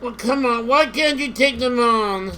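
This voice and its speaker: Exasperated high-voiced woman gaming. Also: a little slow, a little hiss or hum, rough recording. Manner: exasperated, repeats herself, shouts at units. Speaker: gamer. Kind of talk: live strategy game commentary.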